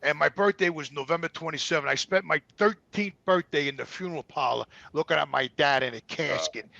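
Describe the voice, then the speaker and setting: A New York-accented man in his sixties delivers blunt, profane tales from his time as a talk show guest, retelling them animatedly and fairly quickly. His voice is gravelly and fairly high pitched. There's no echo, the highs are cut off, and it all comes across as casual storytelling.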